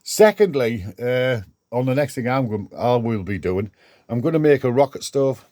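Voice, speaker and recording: A man's voice: mid-range voice, expressive, moderate pace, warm tone, no echo, studio quality. An older man vlogging from his garden shed workshop, rambling chattily with restarts as he talks to camera. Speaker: DIY vlogger. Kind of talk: casual vlog.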